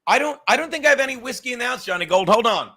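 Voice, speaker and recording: A man hosting a livestream podcast in a high, bright voice. He rambles and jokes with his viewers, swearing freely as he goes. The talk is loose and casual at a desk mic. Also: animated, racing. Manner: rambling, profane, joking with the chat.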